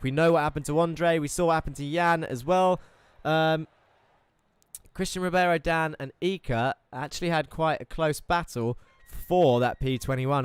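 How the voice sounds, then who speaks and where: A man's voice: a little high, clear, resonant tone, no room sound. A man commentating on an esports racing event, running through results and standings in a chatty, upbeat way with self-deprecating asides.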